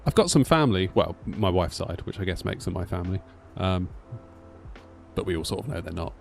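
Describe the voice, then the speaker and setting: A man's voice: sits low, brisk, gravelly, soft background music. A British man in his thirties chatting casually to a live-stream audience, rambling with lots of filler like "sort of". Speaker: flight sim streamer.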